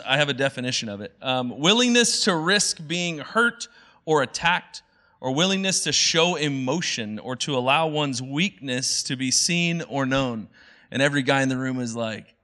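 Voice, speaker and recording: This pastor, a man in his thirties with a mid-range voice and a sharp tone, keeps his sermon casual and conversational. He's chatty, leans on many fillers, and adds playful asides, quoting movie lines in playful voices.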